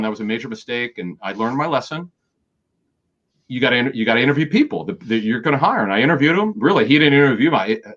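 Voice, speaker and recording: Middle-aged male guest, mid-pitched, storyteller who acts out quotes and restarts often, slightly muffled audio. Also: fairly bright tone. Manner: rapid anecdotal storytelling with quoted dialogue and many restarts. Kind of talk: storytelling in an interview.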